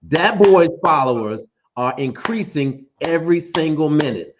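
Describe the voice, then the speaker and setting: A man's voice: a little high, animated, a little slow, noisy background. Teasing, insistent man co-host, dull audio. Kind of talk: casual chat.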